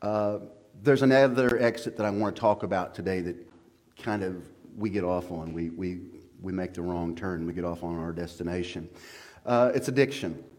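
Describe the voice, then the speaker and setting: A man preaching a sermon as pastor, moving from low quiet talk to loud, fervent passages. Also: moderate pace, long reverb tail.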